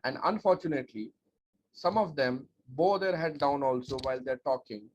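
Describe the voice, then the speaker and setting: A man giving an energetic, emphatic webinar talk as a speech coach, with lots of rhetorical repetition. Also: medium pitch, moderate pace. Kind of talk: webinar presentation. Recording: dull lo-fi audio with faint noise.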